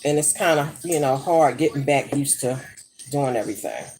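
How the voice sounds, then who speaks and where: A woman's voice: extremely low pitch, normal speed, darkish tone, slight background noise. A middle-aged woman chatting casually while she cooks in her home kitchen, brash and profane as she tells gossipy stories. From United States. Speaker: vlogger. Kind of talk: casual chat while cooking.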